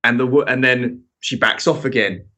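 A man telling a story in casual chat, animated, swearing and laughing often. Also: mid-range voice, normal speed. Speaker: podcast regular telling a story.

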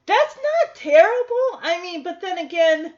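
A woman's voice: extremely high pitch, big pitch swings, measured pace, darkish tone, dull audio. A woman casually recapping a sitcom episode, chatty with wry asides. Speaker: show recap host.

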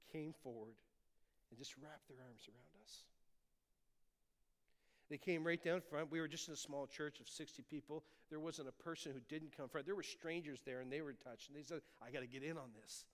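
Pastor guy giving a sermon in a church, mid pitch, voice rings out in a big reverby hall. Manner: personal testimony, swings from loud appeals to hushed tender lines. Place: church sanctuary.

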